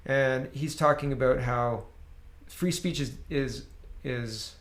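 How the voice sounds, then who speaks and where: A man's voice: medium pitch, takes it slowly, fairly bright tone. A Canadian man hosting political commentary, talking casually and sarcastically while reacting to clips. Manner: sarcastic, mocking voices.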